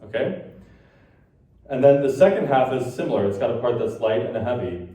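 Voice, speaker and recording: A man's voice: mid-range voice, fast talker, warm tone. A man giving a conference lecture, explaining ideas and now and then tapping out rhythms in sung syllables. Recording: echoey hall from far off.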